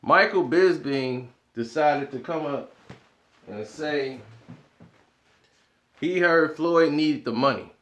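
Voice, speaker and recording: A man hosting his own commentary channel, talking in an animated, argumentative way and laughing often. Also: on the high side, slow, long pauses. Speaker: boxing commentary channel host. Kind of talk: opinionated casual commentary.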